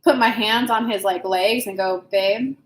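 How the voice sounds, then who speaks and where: A woman's voice: medium pitch, steady tone, normal speed, reverberant, poor audio. A woman hosting a live stream as an intuitive reader, giving frank, casual advice and answering viewers' questions by name, swearing now and then.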